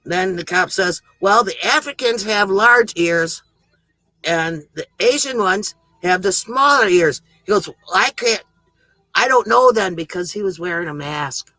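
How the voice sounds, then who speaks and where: Man, high bright voice, dry close sound; rambling joke teller who laughs at his own gags. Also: expressive, a little slow, no echo, poor audio. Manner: chuckles at his own jokes; rambling, self-interrupting delivery. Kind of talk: casual joke telling on a livestream.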